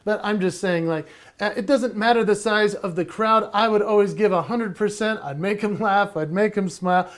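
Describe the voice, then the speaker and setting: A man giving a playful, energetic virtual keynote from his home, laughing often and slightly out of breath. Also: high-pitched, moderate pace. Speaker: motivational speaker and entertainer.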